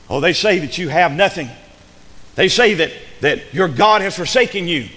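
A man delivers an emphatic sermon in a church, rising to loud declarations and dropping to hushed asides. His voice sits high for a man. Long reverb from the hall trails behind each phrase. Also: expressive, moderate pace. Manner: emphatic preaching, repeats words, swings between loud and hushed. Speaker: preacher.

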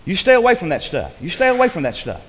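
A man's voice: sits high, wildly swooping pitch, fast, breathy edge. Folksy preacher man in a reverberant church. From rural upbringing. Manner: preacherly, folksy, repeats phrases, swings from loud to hushed. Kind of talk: sermon. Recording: long hall reverb.

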